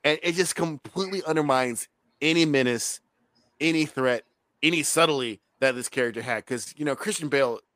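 Brisk and a little high, another male co-host of a movie review show talks with no room sound around him. His chat is casual and lively, full of swearing and mocking quoted voices.

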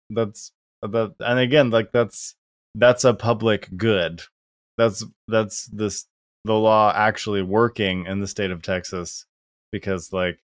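Male podcast co-host, lowish voice, wry casual chat, dry recording. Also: dry recording. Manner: wry, rambling, many restarts with "like".

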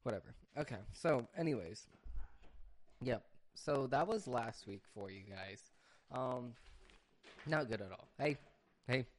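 A young man hosting a casual solo podcast, chatting in a rambling way and often breaking off to hush his dog. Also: medium pitch, expressive, unhurried, pauses often. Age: young adult. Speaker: podcast host.

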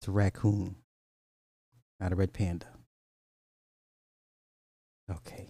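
A man hosting a casual live show, greeting chat viewers by name in an animated, playful way. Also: low-pitched, takes it slowly, vocal fry, long pauses, no room sound, studio quality. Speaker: host.

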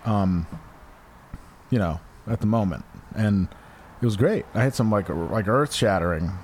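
A man in his thirties hosts a podcast, rambling crudely through casual chat packed with fillers. His voice sits on the low side with a darkish tone, and he speaks unhurriedly. Slight background noise comes through from a room with a window open near a porch.

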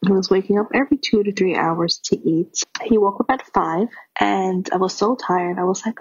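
A mother telling a lively, funny anecdote. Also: medium pitch, moderate pace, creaky, hardly any pauses, husky. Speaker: mother sharing a story. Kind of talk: casual anecdote. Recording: dull lo-fi recording.

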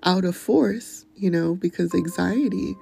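A woman hosting a podcast, speaking gently and often slipping into a breathy near-whisper as she shares encouragement and poetry. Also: lowish voice, a little slow, faint music behind. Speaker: podcast host. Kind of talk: gentle motivational talk and poetry reading.

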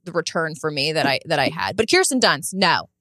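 A woman's voice: low voice, brisk, no echo, clean studio sound. A woman co-hosting a podcast in casual chat, blunt and opinionated, telling stories with energy. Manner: blunt, opinionated, lively storyteller. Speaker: podcast co-host.

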